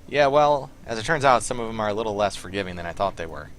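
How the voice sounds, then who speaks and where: A man voicing a nervous, indebted male hacker with a put-on Southern accent, talking in halting, filler-heavy bursts. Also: on the low side, lively intonation, a bit bright, slight background noise.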